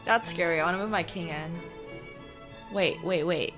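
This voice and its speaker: A woman streaming her online chess games, talking through the moves and swinging from quiet muttering to loud outbursts. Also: fairly low pitch, moderate pace, long pauses, faint music behind. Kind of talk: live commentary while playing online chess.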